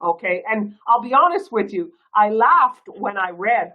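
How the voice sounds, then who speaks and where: A woman with a Canadian accent giving a real estate training talk in a chatty, lively way and laughing often. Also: mid-range voice, normal speed, few pauses. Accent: Canadian English. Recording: dull lo-fi recording.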